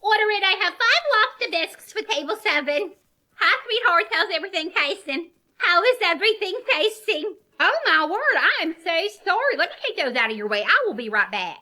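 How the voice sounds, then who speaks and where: A woman's voice: extremely high pitch, sing-song, normal speed, bright, forceful tone, heavily acted. A woman playing a sugary but scheming restaurant waitress in a comedy sketch, sweet to customers and threatening to coworkers.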